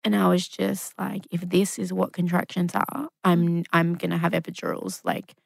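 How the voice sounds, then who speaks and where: A woman's voice: fairly low pitch, normal speed, creaky. A woman in her thirties tells her story at full tilt, slipping into the voices of everyone else in it and swearing without a second thought. She sits close to a mic in a dry room, with no echo at all. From Australia. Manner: animated storyteller, acts out quotes, swears casually. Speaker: guest. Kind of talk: casual storytelling interview.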